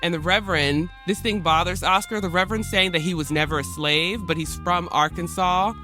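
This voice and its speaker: A man's voice: high voice, fairly even intonation, fairly quick, pushed and bright, faint music behind. A man hosting a podcast, retelling a historical story in casual modern slang and briefly acting out the people in it. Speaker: podcast host.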